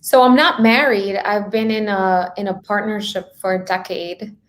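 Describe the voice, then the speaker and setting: A woman's voice: medium pitch, steady tone, moderate pace. A woman coaching guest in casual podcast chat, talking openly in a chatty way and filling her speech with "like" and "right?".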